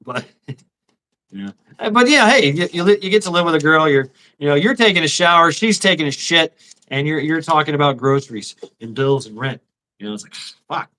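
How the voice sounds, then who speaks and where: A man's voice: fairly high pitch, lively intonation, brisk, bright, forceful tone. A middle-aged man hosting a casual livestream, crude and profane, laughing often and sounding tired and out of breath. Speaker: livestream host.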